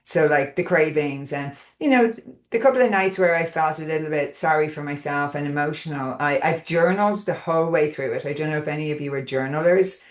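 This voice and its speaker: A woman's voice: low-pitched, brisk, roomy sound. A woman hosting a casual group coaching call, talking in a rambling, chatty way with lots of fillers and check-ins with her listeners.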